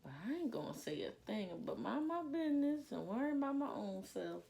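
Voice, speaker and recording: This young woman's voice is fairly high and sing-song, brisk and creaky with a dark tone. She vlogs a hair care tutorial from home through a plugged-in mic, keeping it chatty and self-deprecating while openly nervous about what she's doing.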